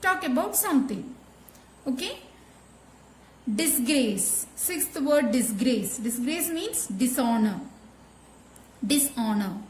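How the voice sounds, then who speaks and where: A woman teacher explaining a grammar lesson slowly, repeating key words and checking with "okay?". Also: high-pitched, echoey room, slight background noise. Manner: slow, repetitive explaining with frequent "okay?" checks. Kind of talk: classroom lesson.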